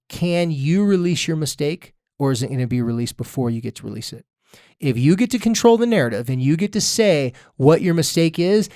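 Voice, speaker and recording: A man in his thirties, a therapist co-hosting a podcast, talking in a lively, jokey way and acting out quoted voices. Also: on the high side, dry recording, studio quality. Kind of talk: casual podcast chat.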